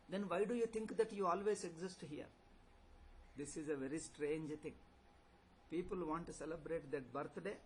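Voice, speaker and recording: A man teaches a scripture class as a swami. His voice sits high, and he drives his points home with rhetorical questions and repetition. A faint hiss of noise sits under the recording. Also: moderate pace, rough recording. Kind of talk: philosophy lecture.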